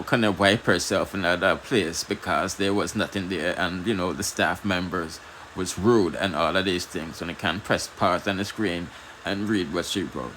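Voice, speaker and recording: A Jamaican man with a very deep voice hosts a laid-back news commentary. His tone is bright and forward, and faint noise sits behind him. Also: rough recording. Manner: relaxed, repeats "you see what I'm saying". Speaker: news commentary channel host.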